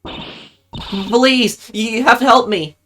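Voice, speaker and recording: A man putting on a scared young woman, stammering in a raised, bright voice as she begs for help. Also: sits high, animated, rapid-fire, slight background noise, pitched above the performer's own voice. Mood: frightened. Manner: stammering, pleading. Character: frightened young woman film crew member.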